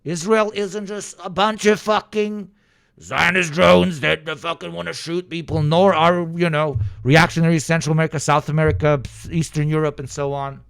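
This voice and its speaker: A man's voice: a little high, fairly even intonation, normal speed, gravelly, a bit bright, clear, resonant tone, no room sound, clean studio sound. A man streaming live and reacting to clips, talking in a profane, joking, ranting way. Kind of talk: casual livestream commentary.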